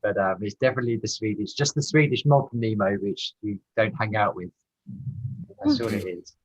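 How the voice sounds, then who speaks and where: A man's voice: lowish voice, expressive, normal speed, poor audio. A man from Britain in a casual podcast discussion, hesitant and searching for words.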